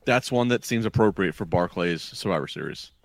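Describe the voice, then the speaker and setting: A man's voice: sits low, animated, fairly quick, vocal fry. A man co-hosting a wrestling podcast in loose, rambling chat. He keeps restarting sentences as his thoughts catch up. The sound is dry and close, with no room echo. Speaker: podcast co-host.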